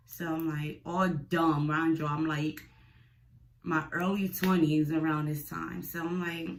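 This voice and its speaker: A young woman vlogger telling a storytime tale, blunt and profane, animated and chatty. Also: low-pitched, measured pace, a little hiss or hum, rough recording. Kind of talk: storytime vlog.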